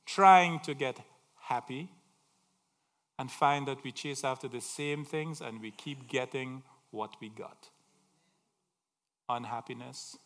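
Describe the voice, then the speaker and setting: A man preaching a sermon, telling stories dramatically and swinging between loud calls and soft asides. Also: mid-range voice, in a large hall.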